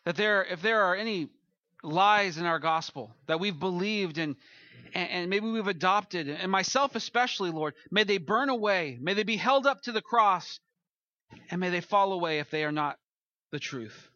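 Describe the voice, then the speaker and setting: A man's voice: high voice, expressive, moderate pace, bright, forceful tone, no echo, lo-fi sound. A man as pastor, preaching a sermon and leading a closing prayer, earnest and building to emphatic peaks.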